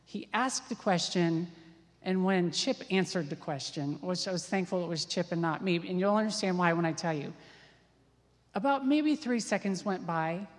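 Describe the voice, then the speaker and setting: Woman preacher in a reverberant hall. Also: fairly low pitch. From Ohio, USA. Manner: lively anecdotal, self-deprecating, quick asides. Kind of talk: sermon storytelling.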